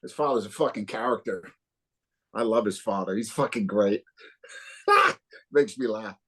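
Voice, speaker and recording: A man's voice: on the low side, a little slow, slightly rough. A man in his fifties from New Jersey, a guitarist telling stories in a casual interview and acting out the dialogue with a lot of swearing. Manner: animated, profane storyteller acting out dialogue. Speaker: guest guitarist.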